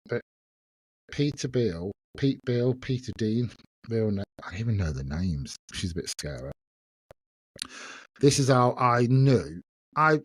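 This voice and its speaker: A man's voice: medium pitch, husky, dry recording. A man, hosting a casual solo podcast and chatting in a self-mocking way, laughing often. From England. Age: 50s. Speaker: podcast host.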